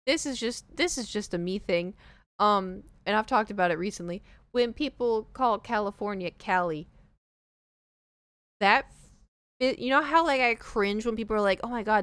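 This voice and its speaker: Chatty Southern woman streamer, smooth voice. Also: mid-range voice, fairly bright tone, no room sound. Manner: chatty, ranting, mocking pronunciations. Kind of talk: casual chat while gaming.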